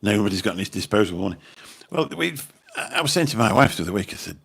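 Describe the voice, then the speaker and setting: Birmingham man, livestream host, husky deep voice, meandering casual chat. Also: very animated, quick pace, a bit bright. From Birmingham, England. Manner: rambling, chatty, mild swearing. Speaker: channel host chatting with viewers.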